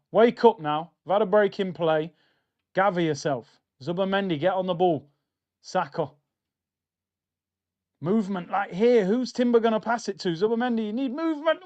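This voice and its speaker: A man's voice: sits high, a little mellow. A young man hosting a live football watchalong, talking in slangy, exasperated banter about the match.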